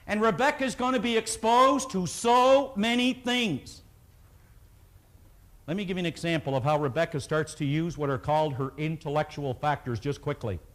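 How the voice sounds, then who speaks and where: A man speaking at a live motivational seminar, telling stories and leading the audience in call-and-response. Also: sits high.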